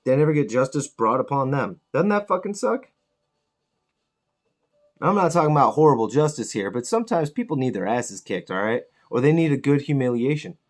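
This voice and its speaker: A man hosting a miniature painting channel, chatting casually as he paints and ranting with lots of swearing and animated outbursts. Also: mid-range voice. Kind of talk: casual chat while painting.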